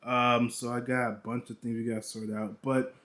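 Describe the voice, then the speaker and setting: A man's voice: medium pitch, little pitch movement, moderate pace, a bit bright, roomy sound, slight background noise. A young man from New York chatting casually in a vlog, joking around and leaning on "you know" asides. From New York, United States. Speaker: YouTuber. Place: half-unpacked room with boxes and bags.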